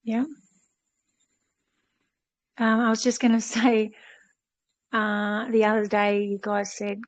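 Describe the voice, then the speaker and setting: A woman reading scripture aloud and chatting gently in an online fellowship. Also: medium pitch, completely flat delivery, slow, pauses often, no echo, low-quality recording. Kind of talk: slow devotional reading, then casual chat.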